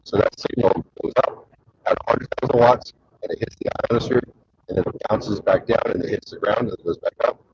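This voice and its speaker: A man hosts his own show, telling long rambling stories full of fillers and crude jokes. His voice is low and very husky. The recording sounds dry and a bit dull, like a lo-fi mic. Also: a little fast, dry recording. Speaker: show host. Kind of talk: casual rambling storytelling.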